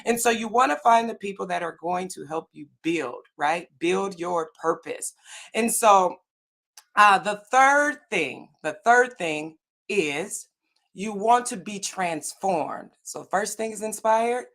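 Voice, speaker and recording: A woman speaks earnestly on a video call, giving a faith-driven motivational talk in a mid-pitched voice. She keeps checking in with her listeners, tagging "right?" and "okay?" onto her points. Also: animated, slow pace, a bit bright. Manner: earnest, asks "right?" often. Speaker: summit speaker.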